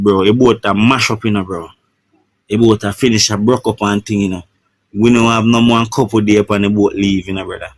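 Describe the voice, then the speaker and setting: A man's voice: on the low side, no room sound. A man with a Jamaican Patois accent giving an emotional personal account in an interview, often adding "you know, bro". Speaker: shipwreck survivor.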